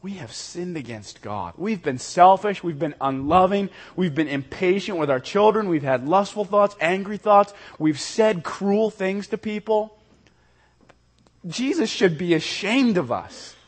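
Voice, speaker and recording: A male pastor preaching a sermon earnestly, swinging from loud emphasis to soft, intimate lows. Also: animated, unhurried, breathy edge.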